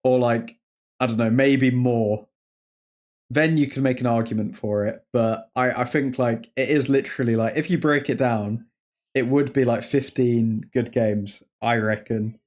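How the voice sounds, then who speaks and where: A man's voice: mid-range voice, steady tone, a little slow, a little mellow. A young English man hosting a live football watchalong stream. He jokes with viewers, laughs often and reads chat comments aloud in casual banter. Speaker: livestream host.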